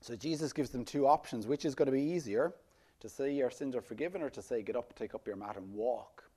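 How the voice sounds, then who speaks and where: A man preaching a sermon, lively and rhetorical, often putting questions to his listeners. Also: mid-range voice, a little fast. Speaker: pastor.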